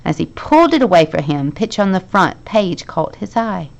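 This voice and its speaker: A woman teacher reading a children's novel aloud to her class, expressive and lively, with the dialogue acted out. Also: lowish voice, normal speed, creaky.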